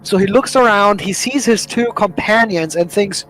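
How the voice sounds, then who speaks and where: A man's voice: high voice, moderate pace, fairly bright tone, soft background music, poor audio. A man playing a tabletop game, retelling his character's actions with playful drama. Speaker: player. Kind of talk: tabletop role-play, in-character narration.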